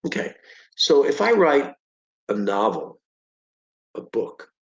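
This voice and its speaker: A man's voice: mid-range voice, very animated, slow pace, roomy sound, muffled recording. A man tutoring a student in vocabulary, patiently explaining each word with examples and often checking in with "okay?". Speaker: reading tutor. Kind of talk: one-on-one vocabulary lesson.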